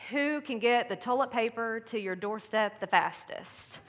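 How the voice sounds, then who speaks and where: A woman's voice: fairly high pitch, a little slow. Chatty woman preaching in a reverberant hall. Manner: chatty, warm-hearted, laughing asides. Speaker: pastor's wife giving a Mother's Day message. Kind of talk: casual sermon. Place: church sanctuary. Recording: long church-hall reverb.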